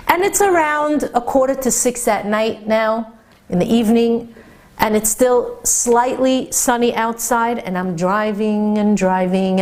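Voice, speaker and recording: A woman who teaches religious classes to women, telling a story in an animated, excited way and often stammering over repeated words. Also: a little high. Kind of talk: storytelling lecture.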